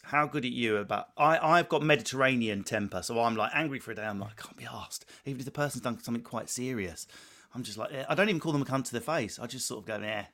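A man hosting a casual chat, playful and teasing, with quick jokes. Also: medium pitch, gravelly, a bit bright. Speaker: host.

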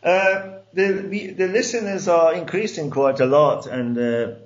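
A man hosting a football podcast, chatting in a relaxed, easygoing way with many fillers, on a dull lo-fi recording. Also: on the high side, unhurried. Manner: easygoing, many "uh" and "you know". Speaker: podcast host. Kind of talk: casual interview. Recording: dull lo-fi sound.

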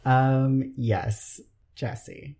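A podcast host chatting casually, retelling scenes in a lively, profane way and acting out the quotes. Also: medium pitch, extremely slow.

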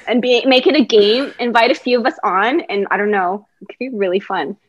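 A woman guesting on a casual podcast, bubbly and quick, laughing often. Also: on the high side, dull audio. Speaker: guest actress.

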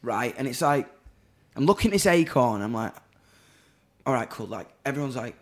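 Sweary British bloke telling a story. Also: male voice, mid-range voice, normal speed. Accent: British English. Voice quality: animated, swears freely, acts out dialogue. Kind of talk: casual chat, telling a funny anecdote.

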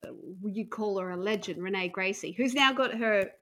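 A woman's voice: medium pitch, moderate pace, fairly bright tone. A woman comedian from Australia telling bawdy stories in casual podcast chat, laughing often. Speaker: comedian guest.

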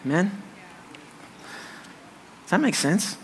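A man's voice: high voice, sing-song, slow, long reverb tail, a little hiss or hum. A man preaching a sermon, emphatic and repetitive, often checking that listeners follow. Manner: emphatic, repeats phrases, asks "does that make sense". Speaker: pastor.

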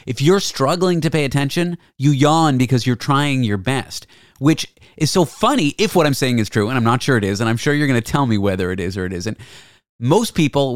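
A man's voice: medium pitch, no room sound, clean studio sound. A man hosting a casual podcast chat, floating theories and jokes with some swearing. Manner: joking, curse-sprinkled, speculative. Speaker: podcast host.

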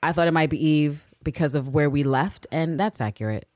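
A woman co-hosting a podcast, casually recapping a TV episode with lots of swearing and quick impressions. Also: low voice, dry recording. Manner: profane, animated storytelling with quick impressions. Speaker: podcast co-host.

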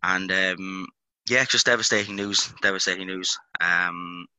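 A man's voice: deep voice, steady tone, measured pace, sharp tone, clean tone, dry recording, rough recording. A young Irish man in his twenties hosting a casual sports podcast, rambling with lots of ums and uhs. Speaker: podcast host.

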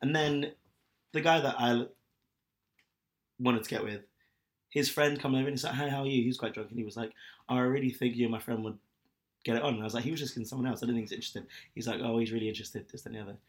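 A man's voice: medium pitch, rapid-fire, pauses often. A man co-hosting a podcast, telling a story in casual chat with lots of laughs. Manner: animated storytelling, laughs often. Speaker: podcast co-host.

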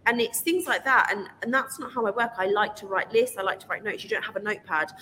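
A woman guest in a casual chat, telling lively stories and laughing often. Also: medium pitch, quick pace. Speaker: podcast guest. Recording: roomy reverb with faint noise.

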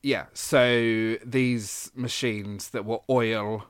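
A man's voice: medium pitch, steady tone, very slow, smooth, no echo. A man co-hosting a casual podcast, explaining history with frequent ums and restarts. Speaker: podcast co-host.

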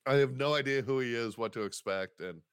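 Dry-sounding comedian telling stories. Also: male voice, mid-range voice, a little fast, clear, resonant tone, dry recording. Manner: animated, acts out quoted voices, swears casually. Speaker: stand-up comedian guest. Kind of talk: casual storytelling interview.

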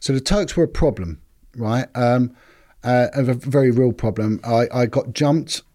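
A man's voice: mid-range voice, moderate pace. A man, a former detective telling stories casually on a podcast and acting out what others said. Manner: animated, repeats words, acts out quotes.

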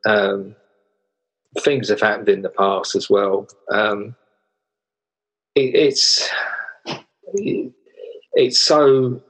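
Older male interviewer, husky, halting and earnest. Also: on the low side, fairly even intonation, fairly bright tone, low-quality recording. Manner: halting, with many restarts and fillers, earnest. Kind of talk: interview conversation.

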